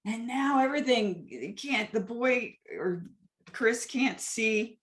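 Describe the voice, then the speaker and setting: A woman teaching a gentle foot exercise, weaving a story into soothing, calm instructions. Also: medium pitch, slow, echoey room. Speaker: movement teacher.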